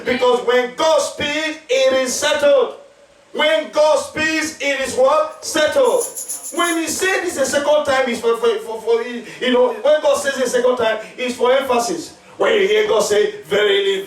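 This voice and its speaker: A pastor preaching emphatically, asking the congregation to answer back. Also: male voice, very high voice. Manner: emphatic preaching with call-and-response questions. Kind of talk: sermon. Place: church hall. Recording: echoey church, mic at a distance.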